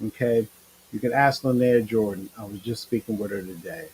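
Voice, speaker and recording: A middle-aged man hosting his own livestream show, talking in a rambling, emotional, animated way. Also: on the low side, moderate pace, slight background noise, rough recording. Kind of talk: casual livestream monologue.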